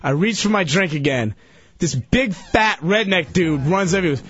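A man on a radio talk show telling a story loudly and excitedly, acting out the people in it. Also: high-pitched, moderate pace, dull audio, faint music behind. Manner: loud, excitable, acts out the people in his story.

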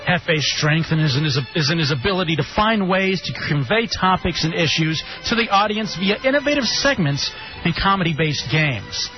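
A radio co-host with a slightly high voice and a moderate pace sarcastically reads aloud a promo sheet about his own show, animated and mocking throughout. It's casual on-air banter in a lo-fi broadcast with faint music.

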